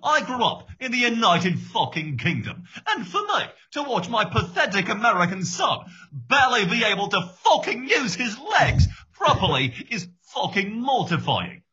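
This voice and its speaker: A man's voice: high-pitched, wildly swooping pitch, moderate pace, bright, forceful tone, husky, voice pushed up, full character voice. A man doing a foul-mouthed English comedian ranting about his son's soccer team. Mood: furious rant. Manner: ranting and cursing. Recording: dull lo-fi sound.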